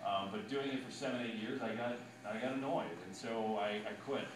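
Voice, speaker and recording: Animated man telling a story, echoey and distant. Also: mid-range voice, brisk. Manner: animated, acts out quotes with loud bursts. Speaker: sportscaster speaking to students. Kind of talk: anecdotal storytelling talk. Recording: echoey room, distant mic, background noise.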